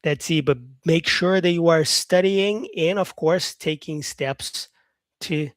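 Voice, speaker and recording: An upbeat man who teaches English hosts a casual livestream, reading out viewer comments and answering them with encouraging, repeated phrases. His voice is on the high side and slow, with no room sound.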